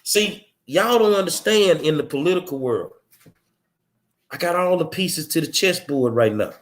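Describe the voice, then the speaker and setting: A political commentary host delivers a blunt, combative, streetwise monologue packed with rhetorical questions. His voice is a little high, with lively intonation at normal speed and a little hiss or hum.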